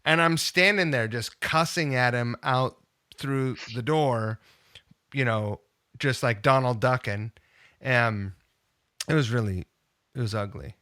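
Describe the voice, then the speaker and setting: A man's voice: medium pitch, slow pace, pauses often, no room sound, clean studio sound. A man telling a long story as a podcast guest, acting out the people he quotes. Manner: animated, acts out quoted voices. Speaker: podcast guest, punk guitarist. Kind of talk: casual storytelling.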